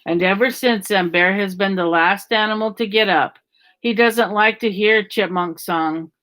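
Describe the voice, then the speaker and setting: A woman reading a children's story aloud at a gentle, even storytelling pace. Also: mid-range voice, unhurried.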